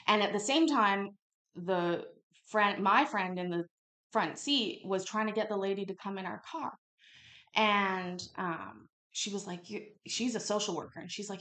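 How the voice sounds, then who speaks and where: Animated swearing woman telling a story. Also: on the low side, a little slow. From Canada. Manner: animated, swears freely, acts out quotes loudly. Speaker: livestream host. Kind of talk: casual storytelling. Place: home kitchen. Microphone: home livestream mic.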